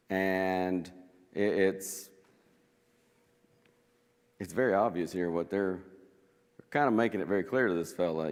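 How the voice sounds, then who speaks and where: A man leading a conversational Bible study in a church, animated as he acts out scripture quotes and chuckles along the way. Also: low voice, in a large hall.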